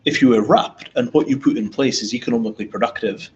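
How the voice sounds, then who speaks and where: A man's voice: medium pitch, fast talker, a little mellow. A man from Scotland with a Scottish accent, speaking bluntly and emphatically in a casual panel discussion, swearing freely. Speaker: invited speaker. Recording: dull lo-fi audio with faint noise.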